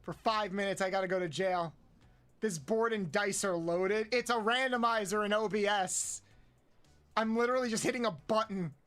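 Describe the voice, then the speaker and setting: A man streaming a game, counting aloud, swearing often and yelping high when frustrated. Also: normal speed, fairly bright tone, clean tone, soft background music. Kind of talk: casual live-stream chat while playing.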